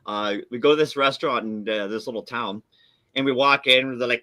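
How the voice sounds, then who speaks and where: A man from Canada telling stories in casual, profane chat, animated and swearing often. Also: medium pitch, a little fast.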